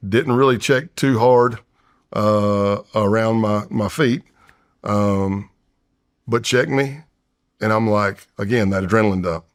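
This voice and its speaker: A man in his fifties, a retired undercover agent, telling a tense story in an interview and acting out his own past voice and whispers. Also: lowish voice. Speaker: retired FBI undercover agent, podcast guest. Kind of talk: storytelling in a long-form interview.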